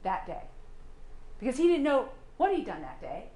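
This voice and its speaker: A woman's voice: fairly high pitch, wildly swooping pitch, moderate pace, warm tone, roomy sound. A woman prosecutor delivering a courtroom closing argument, firing pointed rhetorical questions at the jury.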